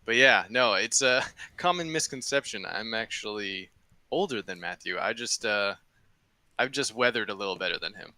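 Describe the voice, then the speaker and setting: Early-thirties male co-host, bright lowish voice, dry sound, teasing. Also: expressive, moderate pace, dry recording. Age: 30s. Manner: jokey, teasing. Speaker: podcast co-host. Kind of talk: casual chat.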